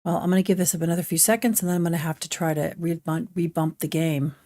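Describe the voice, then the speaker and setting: A woman's voice: on the low side, fairly even intonation, quick pace, mellow. A woman live-streaming a game, chatting casually and rambling between game actions while she greets her chat.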